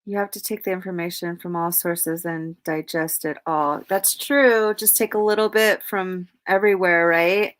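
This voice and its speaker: A woman's voice: on the low side, fairly even intonation, normal speed, few pauses, a bit bright. A woman hosting a late-night livestream, chatting casually with viewers, reading out their comments and swearing freely. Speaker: livestream host.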